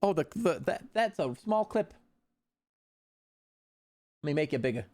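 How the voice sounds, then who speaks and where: Young man, streamer, high voice, excitable, swears a lot, faint music behind. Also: a little slow, dry recording. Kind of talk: live gameplay commentary.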